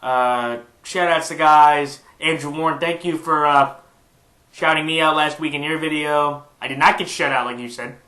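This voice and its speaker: A sports picks YouTuber with a stuffed-up nose rambles casually through his weekly football predictions, full of fillers and restarts. His voice is slightly high, steady, pushed and bright at a moderate pace, in a reverberant space.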